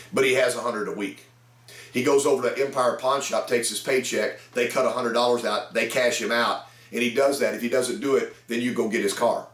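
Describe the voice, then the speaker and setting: Recorded with a distant mic in an echoey room, a man in his fifties who works as a sales trainer speaks to camera. In his mid-range, slightly bright voice, he shares folksy anecdotes about selling cars.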